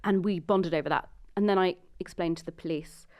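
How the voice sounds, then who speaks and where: A woman's voice: lowish voice, fairly quick. A woman, a podcast guest casually telling an anecdote and acting out what people said. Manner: lively storyteller, acts out quotes.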